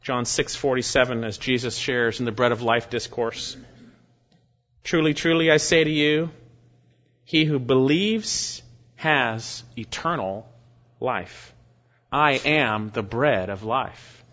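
A man preaching an expository sermon, reading verses aloud with slow, deliberate emphasis. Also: mid-range voice, a bit bright. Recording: dull lo-fi recording.

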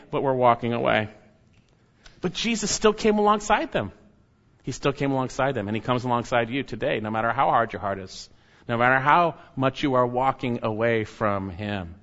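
A man preaching a sermon, stressing key words loudly and dropping to quiet, low asides. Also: muffled recording. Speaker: pastor.

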